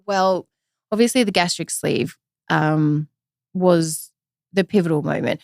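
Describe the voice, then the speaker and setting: Chatty woman with a gravelly edge. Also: fairly low pitch, a little slow, no echo, studio quality. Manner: chatty, animated retelling with quoted voices. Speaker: podcast guest, usual host. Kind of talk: casual storytelling interview.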